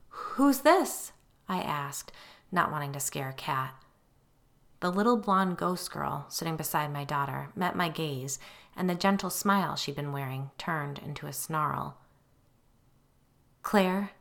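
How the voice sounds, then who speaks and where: Middle aged woman reading her memoir audiobook, low voice, bright and pushy tone. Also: creaky. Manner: expressive storytelling, acting out her own quoted lines. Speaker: audiobook narrator. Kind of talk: first-person memoir narration.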